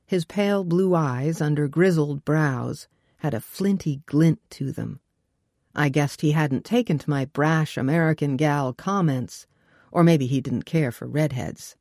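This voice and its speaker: A woman reading a first-person novel aloud as an audiobook narrator, wry and brisk. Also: low voice, dark tone, dry recording, clean studio sound.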